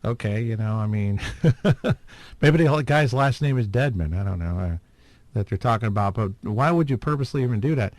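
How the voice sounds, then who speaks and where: Here a podcast host rambles through a casual chat, hesitating often, dropping fillers and chuckling. His low-leaning voice is expressive and a little mellow, paced moderately, and the recording is dry.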